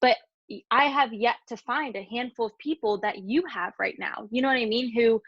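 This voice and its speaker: Woman, a bit high-pitched, hesitant question, video call, dull dry audio. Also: moderate pace, a bit bright, slightly rough, dry recording. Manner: hesitant, restarting, filler-heavy. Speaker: team member asking a question. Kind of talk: casual video call chat.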